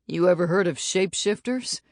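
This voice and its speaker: A woman playing a steady frontier bounty hunter, calm and plain-spoken. He explains things evenly. Close, dry audiobook sound. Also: fairly low pitch, a little fast, no echo, voice pushed up, close to an everyday voice.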